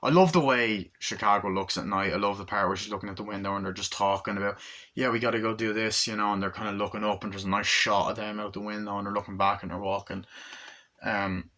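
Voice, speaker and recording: Casual male reviewer, lowish voice with a tense, bright edge, profane, rambling retelling. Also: fairly even intonation, fast. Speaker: movie reviewer.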